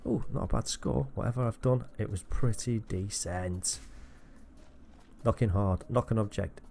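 A man giving crude, jokey let's-play commentary, swearing a lot and breaking into squeaky high outbursts. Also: a little slow, gravelly, warm tone, a little hiss or hum. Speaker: gamer.

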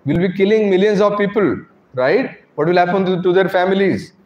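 A preacher delivers a devotional sermon to his congregation in a temple hall, his voice sitting high, a little fast and slightly mellow. He poses rhetorical questions and often tacks on "right?" The hall is echoey and the sound comes across dull.

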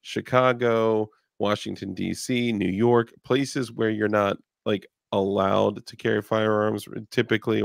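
A man's voice: lowish voice, creaky, no room sound, clean studio sound. A male podcast host in casual chat, rambling and joking about himself. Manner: rambling, self-deprecating, joking.

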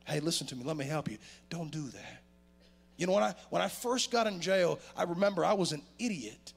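A man delivers a sermon in a church with a gravelly edge to his voice. His pitch swings widely, climbing for emphasis and falling low for quieter points. His voice sits a touch higher than most men's. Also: a little fast, soft background music. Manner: animated preaching with sudden loud rises and quiet drops. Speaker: pastor. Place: church sanctuary.

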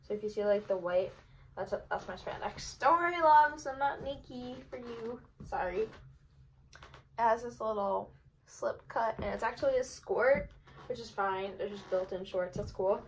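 A young woman chatting casually through a clothing try-on haul, bubbly and rambling, talking fast. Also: medium pitch, a little mellow, a little hiss or hum, low-quality recording. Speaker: fashion vlogger.

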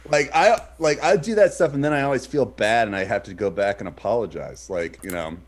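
A man co-hosting a casual podcast, telling a story with lots of fillers and loud, shouted reenactments of what people said. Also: medium pitch, brisk. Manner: animated, shouts in reenacted quotes. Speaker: podcast co-host.

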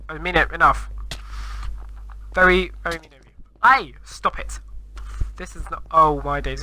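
A man's voice: a little high, noisy background. A man commenting on Minecraft gameplay in a flustered, exclaiming and rambling way. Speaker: gamer.

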